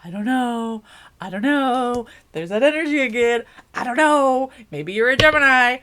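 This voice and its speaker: A woman's voice: a little high, animated, normal speed, fairly bright tone, a little hiss or hum. A woman giving a casual tarot reading, giggling often and rambling as she muses aloud. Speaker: tarot reader.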